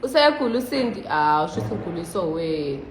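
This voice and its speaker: A woman's voice: lowish voice, big pitch swings, fast talker, reverberant, a little hiss or hum, low-quality recording. A South African woman chatting casually on a phone livestream, switching between languages and swearing freely.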